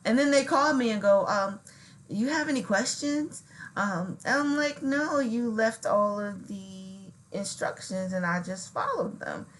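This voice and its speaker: A woman's voice: medium pitch, measured pace, few pauses, poor audio. A middle-aged woman in casual chat, telling stories and acting out what people said. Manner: chatty storyteller acting out quoted dialogue. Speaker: co-host.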